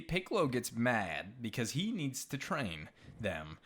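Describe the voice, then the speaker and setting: A man's voice: mid-range voice, huge pitch swings, measured pace, fairly bright tone. A man co-hosting a casual podcast, joking and bantering playfully. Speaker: podcast co-host.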